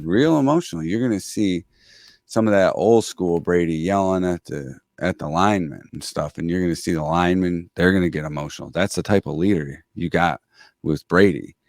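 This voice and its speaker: Deep-voiced joking man talking picks. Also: a little mellow, no room sound, clean studio sound. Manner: joking, playful trash talk. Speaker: co-host. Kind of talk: casual sports betting chat.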